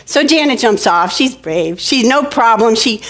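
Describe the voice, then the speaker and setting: A woman giving a talk, telling a childhood story in an animated way and acting out the children's voices. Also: on the high side, measured pace. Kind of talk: storytelling presentation.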